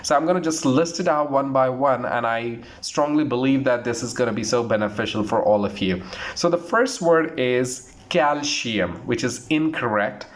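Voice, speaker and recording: Earnest man teaching pronunciation. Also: mid-range voice. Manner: earnest, repetitive, slows down to model words. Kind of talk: online pronunciation lesson.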